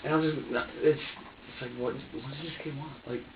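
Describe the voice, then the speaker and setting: A man's voice: fairly high pitch, steady tone, normal speed, dull audio, slight background noise. Distant man in an echoey interrogation room. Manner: rambling and repetitive, acting out his own words. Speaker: man being questioned by police. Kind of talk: recounting events during a police interrogation. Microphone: room surveillance microphone.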